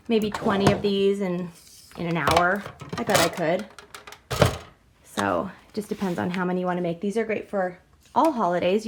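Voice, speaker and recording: A woman's voice: mid-range voice, background noise. Bubbly, chatty woman crafting host. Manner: chatty, bubbly, giggles at herself. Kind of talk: casual step-by-step demonstration.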